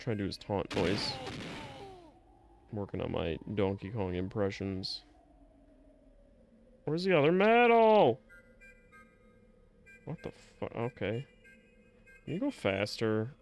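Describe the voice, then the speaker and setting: A man giving casual live commentary as he plays a game, reacting out loud, swearing freely and talking back to the game. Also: on the low side, a little slow, vocal fry, long pauses, soft background music. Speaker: streamer.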